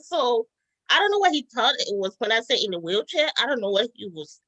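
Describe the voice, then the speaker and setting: A young woman chatting as a guest, telling stories in a lively way and laughing often. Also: on the high side, fairly quick, no echo, low-quality recording. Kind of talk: casual chat.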